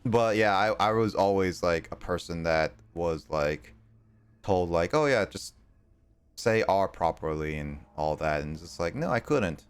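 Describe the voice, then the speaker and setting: A man's voice: deep voice, lively intonation, measured pace, clean tone. A man streaming a game and chatting casually, rambling with many fillers and restarts, his R sounds bending slightly toward L. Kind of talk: casual chat while gaming.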